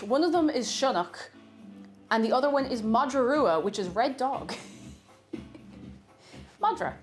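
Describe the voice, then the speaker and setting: A woman with an Irish accent, chatting playfully on a live stream while teaching an Irish word of the day. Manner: playful, bursts into high excited greetings to chat. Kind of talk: casual live-stream chat. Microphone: desk microphone.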